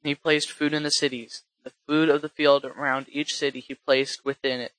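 Bright, crisp man reading scripture. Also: mid-range voice, flat delivery, no room sound, rough recording. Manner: halting reading with frequent restarts and self-corrections. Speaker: scripture reader.

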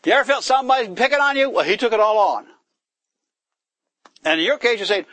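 A man teaches from the Bible in an informal sermon, his voice sitting a little high for a man. He talks with his listeners, asks them questions and now and then raises his voice to act out a complaint. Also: a little fast, long pauses, no room sound, low-quality recording. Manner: animated, acts out complaints in a raised voice.

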